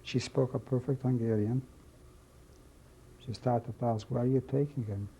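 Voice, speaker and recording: An older man from Czechoslovakia, telling his life story in an oral history testimony, halting and slow, repeating phrases as he remembers. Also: medium pitch, fairly even intonation, dark tone. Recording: dull lo-fi recording, faint hiss.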